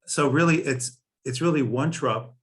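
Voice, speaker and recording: A man's voice: mid-range voice, moderate pace, fairly bright tone. Man explaining chant symbols in class. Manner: theoretical, self-correcting. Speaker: class participant.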